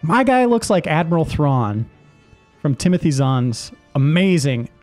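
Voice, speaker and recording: A man's voice: a little high, big pitch swings, a little slow, darkish tone, no room sound, faint music behind. A man co-hosting a casual gameplay video, joking and teasing his partner. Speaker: co-host.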